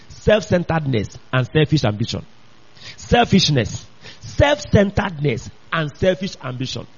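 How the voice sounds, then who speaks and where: A man's voice: high-pitched, husky. A man preaching a sermon, emphatic and repetitive, often calling out to his listeners. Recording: dull lo-fi recording.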